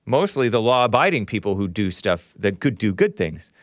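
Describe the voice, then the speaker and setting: A man's voice: lowish voice, big pitch swings, normal speed, no echo, clean studio sound. A man hosting a livestream show, reading viewer chats aloud and giving blunt, opinionated commentary as he thinks aloud.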